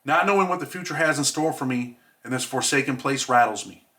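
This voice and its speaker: A man from New York reads from his own book in a steady, measured way, pausing on reflective lines. His voice is bright and forward, and his pitch sits in a middle range. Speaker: author reading his memoir. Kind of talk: audiobook reading.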